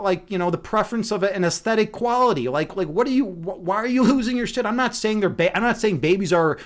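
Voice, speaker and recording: High-voiced rambling man streaming. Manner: rambling, profane, laughs often. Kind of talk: casual livestream chat.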